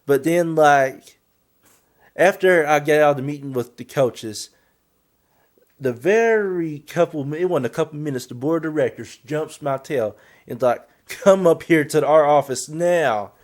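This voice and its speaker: A man's voice: a little high, measured pace. A young man, a college athlete, casually telling a story and rambling with lots of filler. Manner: rambling, fills with "and stuff".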